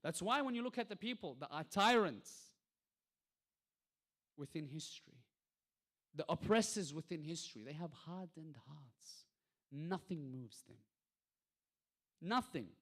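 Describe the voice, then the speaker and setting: A male lecturer delivering a religious talk, posing rhetorical questions and swinging between soft passages and emphatic peaks. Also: fairly high pitch, expressive, a little slow, long pauses. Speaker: lecturer at an Islamic centre.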